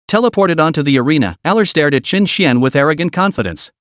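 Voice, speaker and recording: A man narrating a scripted story recap in an even storytelling delivery. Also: fairly high pitch, fast talker, few pauses, no echo, studio quality.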